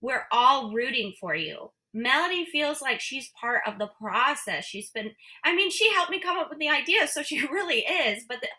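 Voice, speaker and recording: Woman interview guest, chatty and playful, bright forceful voice. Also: high-pitched, animated, moderate pace, few pauses. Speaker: guest, membership business owner. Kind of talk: casual interview talk.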